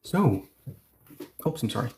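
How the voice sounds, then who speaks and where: A man teaches a language lesson in a lively, rising-and-falling voice. He explains each point step by step, leaning on casual "okay"s and "yeah"s. When he reads the example sentences, he slows right down so learners can follow. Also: medium pitch, creaky. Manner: animated, explains step by step with many okays and yeahs.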